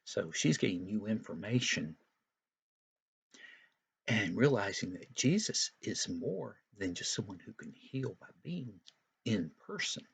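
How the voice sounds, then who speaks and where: Male Sunday school teacher, low, gravelly voice, folksy storyteller who explains as he goes. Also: sing-song, measured pace. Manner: folksy and explanatory, with frequent asides. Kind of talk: retelling a Bible story for young children.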